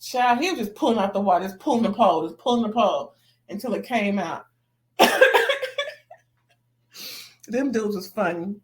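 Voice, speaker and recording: A woman's voice: mid-range voice, lively intonation, normal speed, pauses often, a little mellow. A woman chatting casually as she recaps a reality TV episode, gossipy and slangy, laughing often between remarks. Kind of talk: casual commentary.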